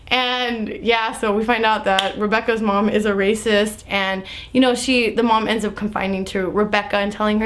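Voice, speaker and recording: Young woman vlogging a show recap, kinda high voice, says "like" a lot, super animated. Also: fairly quick, hardly any pauses. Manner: animated, lots of "like" fillers, acts out quotes. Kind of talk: casual chatty recap.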